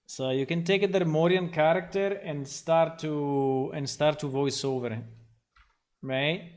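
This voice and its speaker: Male game developer, casual stream chat, slow rambling delivery with plenty of fillers. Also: fairly high pitch, a little mellow. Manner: rambling and thinking aloud, many ums and restarts. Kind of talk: casual livestream talk while working.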